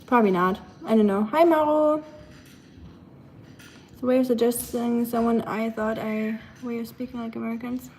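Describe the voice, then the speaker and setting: A woman's voice: a little high, fairly even intonation, brisk, few pauses, roomy sound, background noise. Chatty German-accented woman hosting a stream. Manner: chatty, playful and self-mocking. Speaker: live stream cooking host. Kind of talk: casual cooking live stream chat.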